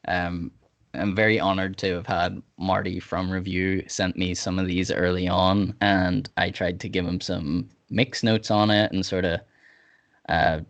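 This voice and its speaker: A man hosting a music podcast in loose, laughing casual chat, swearing freely. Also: deep voice. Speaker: podcast host.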